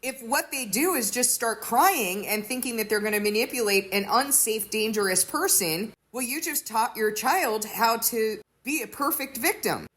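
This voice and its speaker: A woman's voice: a little high, lively intonation, moderate pace, fairly bright tone. Earnest woman teaching a sermon. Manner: earnest, explains with everyday examples. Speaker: teacher of a faith community.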